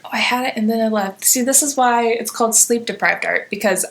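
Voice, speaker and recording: A young woman co-hosting a casual podcast, answering questions softly with frequent giggles, half-whispering. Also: a little high, brisk. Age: young adult. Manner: soft-spoken, giggly, stage-whispering. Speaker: podcast co-host being interviewed. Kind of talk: casual chat.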